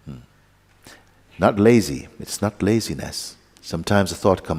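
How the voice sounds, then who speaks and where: A man giving a calm, unhurried satsang teaching as a spiritual teacher, pausing often and speaking softly. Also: sits low, breathy edge. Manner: calm, unhurried, with pauses and soft asides. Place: large meeting hall. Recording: hall with long reverb.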